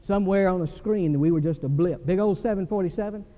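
An older man preaching a sermon in a church, animated and telling stories. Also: high voice, fast talker. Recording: dull recording with long hall reverb.

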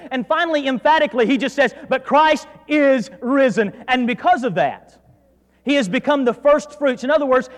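A man with a North Georgia accent preaching a sermon as pastor, dropping to quiet asides and then rising to loud, emphatic declarations. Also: high-pitched. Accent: North Georgia Southern US. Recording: preached in a reverberant hall.

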